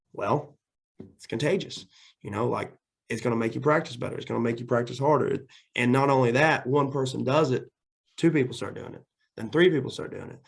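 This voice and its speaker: A man's voice: medium pitch, gravelly. A man who coaches football and teaches, answering interview questions energetically and often repeating words as he restarts.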